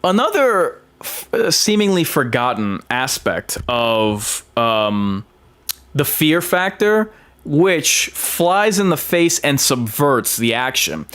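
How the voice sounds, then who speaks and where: A man's voice: a little high, sing-song, slow, fairly bright tone. A man giving casual film commentary, emphatic, with frequent fillers and restarts. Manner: emphatic, with many ums and restarts.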